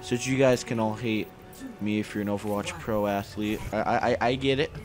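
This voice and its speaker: A man's voice: lowish voice, steady tone, fairly quick, over music. A young man commentating his own shooter gameplay, swearing often and breaking into frustrated outbursts. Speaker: gaming YouTuber.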